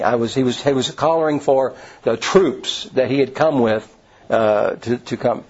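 Husky guy preaching, reads quotes out between asides, kinda muffled lo-fi sound. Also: mid-range voice, normal speed, darkish tone. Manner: reads scripture and quotes aloud between plain asides, with many restarts. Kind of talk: sermon. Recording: dull lo-fi sound.

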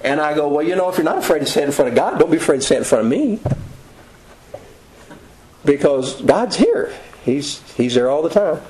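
Male preacher, slightly raised pitch, folksy conversational sermon delivery. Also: lively intonation, a crowd in the background, rough recording. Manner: conversational, folksy storytelling with quick asides.

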